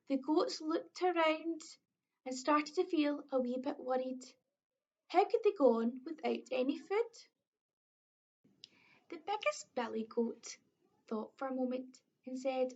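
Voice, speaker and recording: A woman with a Scottish accent reading a children's story aloud, expressive, slow and clear. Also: high voice. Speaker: early years storyteller. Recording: dull lo-fi recording.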